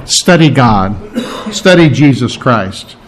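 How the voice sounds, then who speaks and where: A man preaching a sermon, animated and playing out quoted voices as he teaches. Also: medium pitch, takes it slowly, low-quality recording. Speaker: pastor.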